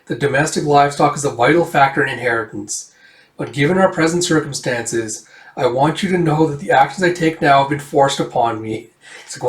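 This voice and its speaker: A man casually recapping a comic book, voicing the characters' lines himself and jumping into loud shouts for the dramatic ones. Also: fairly high pitch. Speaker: manga reader recapping a comic. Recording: echoey room, far from the mic.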